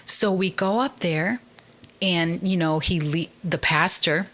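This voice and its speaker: A woman guest on a podcast, sharing her personal faith testimony as a lively storyteller who acts out the people she quotes. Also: lowish voice, slow pace.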